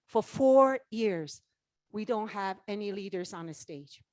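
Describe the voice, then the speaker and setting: Animated middle-aged woman giving a motivational talk. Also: mid-range voice, unhurried, no echo, studio quality. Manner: animated storytelling, acts out dialogue, asks the audience questions. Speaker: network marketing leader giving a keynote. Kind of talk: motivational speech. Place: conference stage.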